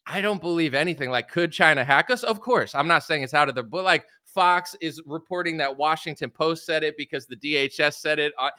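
A man's voice: fairly high pitch, a little fast, hardly any pauses, sharp tone, dry recording, studio quality. A man hosting a podcast, laid-back, laughing often and mimicking newscasters. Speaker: podcast host. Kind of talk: casual podcast chat.

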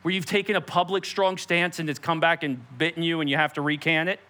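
A young pastor delivers a sermon with a bright, forward tone that sits a little higher than most men's. He tells personal stories and jumps into little acted-out quotes along the way, his delivery animated and conversational. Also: fast talker. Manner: animated storytelling preacher, acts out quotes.

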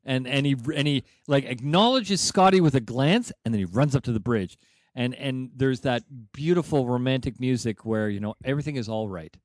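A man's voice: mid-range voice, fairly quick, no room sound. A man in casual chat, retelling a TV episode with hummed music cues and acted-out lines. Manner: animated storyteller, hums music cues and acts out lines. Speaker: podcast co-host.

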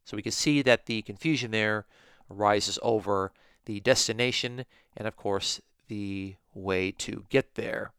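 A man teaching a Bible lesson in a measured, emphatic way, stressing key words. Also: lowish voice, a bit bright, clean tone, no room sound, clean studio sound. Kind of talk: scripted teaching podcast.

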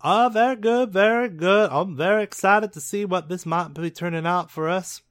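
A genial, upbeat touring musician with a slightly raised, chatty voice, as a game master puts him on. He talks warmly and easily, glad to make a deal. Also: high-pitched, moderate pace, dry recording, studio quality, voice pushed up. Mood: cheerful. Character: cheerful touring alien band leader, male.

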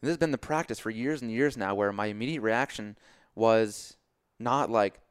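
A young man with a low, smooth voice tells a story in casual podcast chat. He talks in an animated way, swears freely and acts out his own reactions. The sound is dry and close. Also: normal speed, no echo. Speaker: podcast guest.

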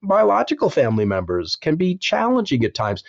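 A man's voice: on the high side, wildly swooping pitch, a little fast, creaky, dull audio. A man, an author being interviewed, giving earnest advice and repeating words for emphasis. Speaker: author and guest. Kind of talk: interview, preaching-style advice.

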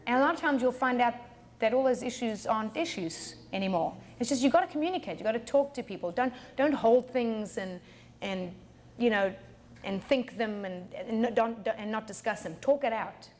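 A woman's voice: a little high, lively intonation, normal speed, darkish tone. A middle-aged woman pastor preaching a sermon in a chatty way, often laughing and repeating words. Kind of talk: sermon teaching.

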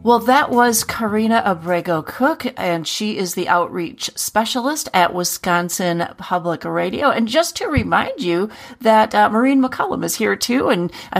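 A woman's voice: lowish voice, vocal fry. A woman hosting a radio talk show, speaking conversationally with frequent filler sounds. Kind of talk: casual radio interview.

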